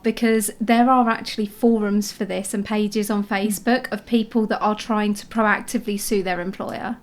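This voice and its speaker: A woman's voice: mid-range voice, steady tone, normal speed, hardly any pauses. A woman co-hosting a podcast, chatting frankly and advising listeners directly on workplace matters. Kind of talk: casual advisory chat.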